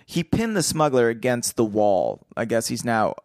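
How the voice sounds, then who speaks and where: Very animated and darkish in tone, a man of medium pitch speaks at a moderate pace in a dry, clean studio recording. Co-hosting a casual podcast, he reads book passages aloud, then stops to joke, riff and laugh.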